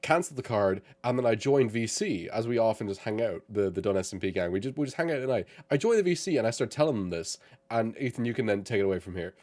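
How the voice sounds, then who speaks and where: Young man telling a story with lively pitch. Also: fast. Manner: lively retelling, swears, acts out his own reactions. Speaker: podcast host. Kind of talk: casual chat, animated storytelling.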